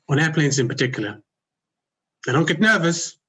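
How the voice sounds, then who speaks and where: A husky-voiced man with a Swedish accent delivers a humorous contest speech through a video call. His humor is dry and self-mocking, with a rough edge to his tone. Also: on the high side, expressive, normal speed, fairly bright tone. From Sweden. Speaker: contest speaker.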